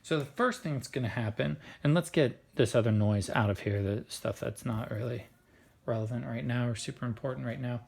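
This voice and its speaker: A man's voice: mid-range voice, fairly quick, creaky. A man explaining a biology lesson in a chatty, playful way, with plenty of filler words. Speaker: science teacher.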